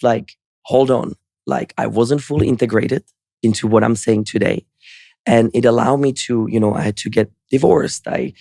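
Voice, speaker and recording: Gravelly, earnest man. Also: mid-range voice, a little mellow, no echo, studio quality. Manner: earnest, reflective. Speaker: podcast guest. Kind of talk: storytelling interview answer.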